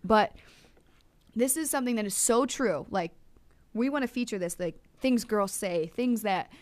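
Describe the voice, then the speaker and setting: A woman's voice: a little high, normal speed, a little mellow, no room sound. A young woman hosting a casual web show, chatting in a bubbly, gushing way with plenty of ums. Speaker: show host. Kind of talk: casual chat.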